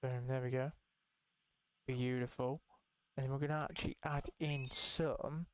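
A young man giving casual, excitable gameplay commentary as a channel host, swearing often and breaking into high yelps. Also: a little slow, slight background noise.

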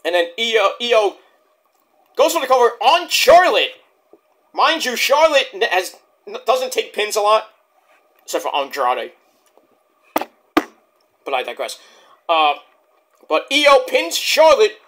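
A man's voice: very high-pitched, big pitch swings, slow, long pauses, fairly bright tone. A man reviewing a wrestling show in a heated, profane, rambling rant.

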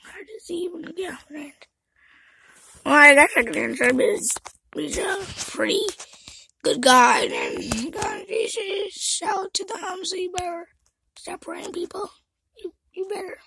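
Very high, creaky-voiced female vlogger. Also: expressive, measured pace, bright, forceful tone, slight background noise, low-quality recording. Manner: rambling, often drops to a whisper. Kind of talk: casual rambling chat to camera.

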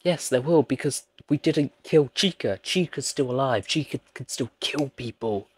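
A man's voice: medium pitch, expressive, normal speed, breathy edge, dry recording. A man doing jokey let's-play commentary, pleading with and teasing the characters on screen. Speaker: gaming channel host.

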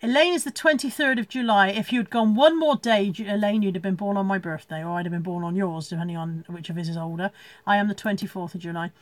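A woman's voice: medium pitch, fast talker, dry recording. A woman chatting casually from home on a live stream, rambling, laughing often and reading out viewer comments. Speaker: reseller hosting a live stream.

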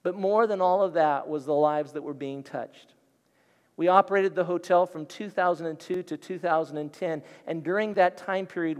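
A middle-aged man, a guest pastor, preaching an animated storytelling sermon in a church. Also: sits high, clean tone. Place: church sanctuary. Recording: long hall reverb.

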